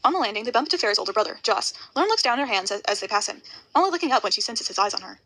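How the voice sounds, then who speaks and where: A woman reading a novel aloud, rushing and often stumbling over words. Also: mid-range voice, animated, pushed and bright, rough recording. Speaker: audiobook reader.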